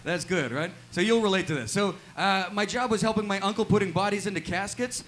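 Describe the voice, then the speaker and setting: A man performing a stand-up comedy set in a small live venue, delivering deadpan one-liners and tagging nearly every line with "right?". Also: high voice, fast talker, hardly any pauses, a little hiss or hum.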